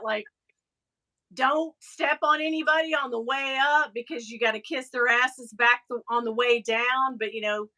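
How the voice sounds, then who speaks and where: A woman with a Southern US accent hosting a casual live chat, animated and quick to laugh as she reads viewer comments. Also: sits high, low-quality recording. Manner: chatty and animated, laughing often, breaks into mocking voices. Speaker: live show host.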